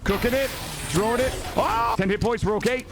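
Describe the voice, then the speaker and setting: A man's voice: extremely high pitch, fairly quick, gravelly, background noise. A man streaming a shooter game, joking with other players and yelping and screaming when attacked. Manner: excitable, yelps and screams, joking banter. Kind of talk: gaming stream commentary.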